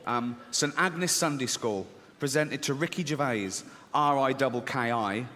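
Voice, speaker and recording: Speaking at a measured pace in a mid-range voice, a man runs through a profane, animated comedy set and performs characters along the way. The hall is reverberant with faint ambient sound.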